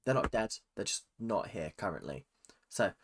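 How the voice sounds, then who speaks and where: A woman hosting a reaction video, ranting with animated exasperation and talking back at the screen. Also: rumbling low, moderate pace, background noise.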